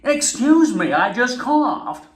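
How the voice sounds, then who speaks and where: A man putting on the voice of a relentlessly energetic female fitness instructor, shrill and over-enunciated, at maximum energy on every word. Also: slow pace, exaggerated voice. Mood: over-the-top peppy. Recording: echoey room.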